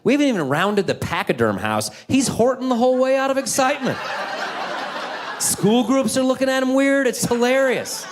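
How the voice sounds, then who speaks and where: A man in his thirties doing a stand-up comedy set, animated, jumping into loud high-pitched voices for kids and teachers. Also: normal speed, background noise. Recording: live in a theater with crowd laughter.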